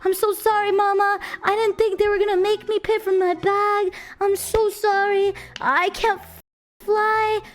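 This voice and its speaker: A broke young man, sobbing and frantic, pleads in a strained, high voice, as a woman acts him out. His words tumble out choked and desperate. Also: unhurried, darkish tone. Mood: sobbing, pleading.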